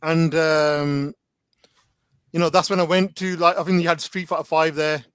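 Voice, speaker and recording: A man's voice: fairly high pitch, level tone, moderate pace, a bit bright, clear, resonant tone, no echo. A man, a guest in a casual chat, telling stories animatedly with lots of slang and filler words. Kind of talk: casual storytelling.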